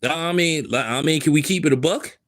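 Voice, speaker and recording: A man's voice: on the high side, brisk. Emphatic man ranting in casual commentary. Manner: emphatic, repetitive, street-casual. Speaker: commentary host. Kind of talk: opinionated commentary.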